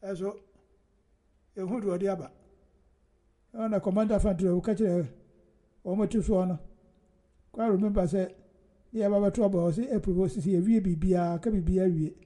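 A man with a high-set but deeply mellow, dark voice holds forth in loose political commentary. He talks in a rambling, emphatic way and laughs often, like a host chatting to his listeners. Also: steady tone, moderate pace, long pauses.

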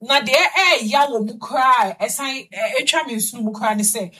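A woman's voice: on the high side, moderate pace, bright, forceful tone, slightly rough. A Ghanaian woman co-hosting a radio talk show, chatting casually and slipping English phrases into her speech. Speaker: radio co-host.

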